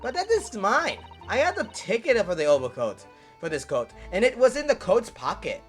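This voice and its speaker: A man voicing a feisty young girl pickpocket in a detective game, shrill and indignant. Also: big pitch swings, normal speed, soft background music.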